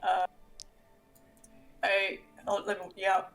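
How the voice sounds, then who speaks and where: A woman's voice: medium pitch, monotone, slow pace, gravelly, a bit bright, faint music behind. A woman playing a tabletop game, chatting casually, hesitant and giggling often. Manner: giggly, hesitant, many fillers. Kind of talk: casual play chat.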